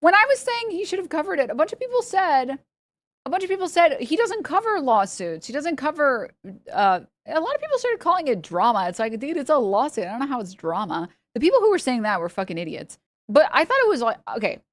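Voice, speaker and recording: A woman's voice: sits high, very animated, quick pace, no echo. A young woman streaming and reacting to videos in casual chat, rambling and interrupting herself and laughing often.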